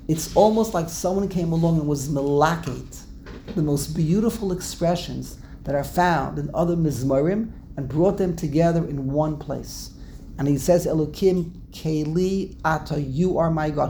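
Male Torah teacher, gravelly and a bit high-pitched, rambling classroom delivery. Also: dark tone, slight background noise. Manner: digressive, repeats words, restarts often.

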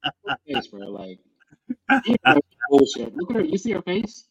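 A man's voice: on the high side, very animated, a little fast, husky, muffled recording. Slangy, profane man on a podcast. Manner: slangy, profane, acts out reactions in quotes. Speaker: podcast host. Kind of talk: casual chat.

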